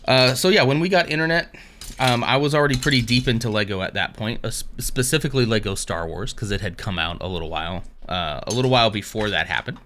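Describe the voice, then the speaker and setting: A man's voice: lowish voice, fast, fairly bright tone, a little hiss or hum. A man hosting a casual live stream, rambling along between dad jokes. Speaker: livestream host.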